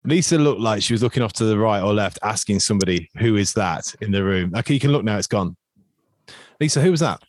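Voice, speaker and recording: A man's voice: lowish voice, animated, fast talker. A man hosting a casual quiz podcast over a video call, chatty and teasing as he rambles on. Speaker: quiz host.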